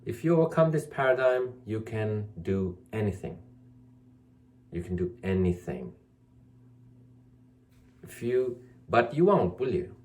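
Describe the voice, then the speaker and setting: His pitch swings widely, and he keeps a measured pace with long pauses and a somewhat mellow sound. In the role of a spiritual teacher, the man lectures the camera in a preachy, scolding way, reiterating points and mocking excuses in a high, whiny tone.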